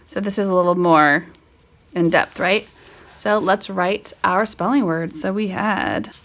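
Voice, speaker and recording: Slow, chatty woman teaching spelling. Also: lowish voice, a bit bright. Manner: thinking aloud, self-correcting, chatty asides. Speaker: homeschool teacher. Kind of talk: casual spelling lesson walkthrough.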